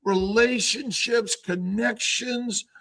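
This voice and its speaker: A man's voice: extremely high pitch, takes it slowly, fairly bright tone. A man hosting a casual talk, musing in a rambling, reflective way with many restarts. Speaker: host. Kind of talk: casual conversation.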